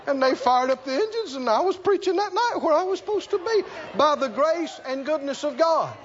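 High-pitched animated preacher man. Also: muffled recording, some chatter behind, a little hiss or hum. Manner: storytelling with animated asides and laughter; emphatic, repeats key lines slowly. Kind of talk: sermon.

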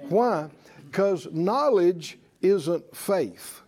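High-voiced preacher leading a class. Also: male voice, lively intonation, extremely slow, darkish tone. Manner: emphatic, repetitive, leads call-and-response. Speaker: preacher teaching a faith class. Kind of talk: sermon-style Bible teaching.

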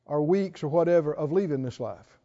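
A man preaching a sermon, folksy and emphatic, drawing out scripture quotes slowly and asking his listeners questions. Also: a little high, mellow. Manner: folksy, asks the audience questions. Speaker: pastor. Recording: dull lo-fi recording in a reverberant hall.

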